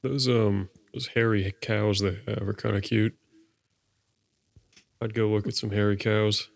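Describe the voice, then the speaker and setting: A man's voice: on the low side, little pitch movement, a little slow, gravelly, no echo. A man co-hosting a podcast, dropping laid-back, wry remarks in casual chat. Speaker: podcast co-host.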